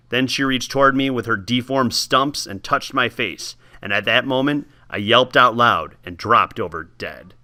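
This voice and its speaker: A man tells a story aloud with lively expression, his pitch moving up and down all the time. His tone is very bright and forward. He reads like a teacher sharing a book. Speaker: teacher giving book talks. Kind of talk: reading a novel aloud.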